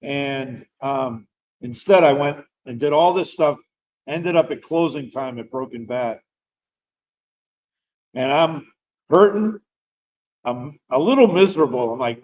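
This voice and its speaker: A man's voice: mid-range voice, moderate pace, low-quality recording. A middle-aged man, a veteran guest, telling a personal story in a casual, rambling way. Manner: rambling, animated storyteller who laughs while talking.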